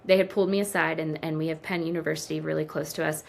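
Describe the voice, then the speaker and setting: A woman's voice: deep voice, rapid-fire, creaky, slight background noise. A woman in her thirties, a podcast guest, telling a heartfelt story and acting out what people said. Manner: emotional, animated storyteller who acts out quoted dialogue. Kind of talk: interview storytelling.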